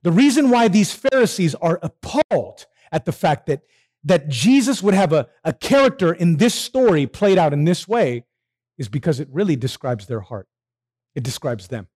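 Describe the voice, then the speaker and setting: Man preaching a sermon, kinda high voice, pitch all over the place, keeps asking the crowd questions. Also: moderate pace. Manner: animated, asks the congregation questions and answers them.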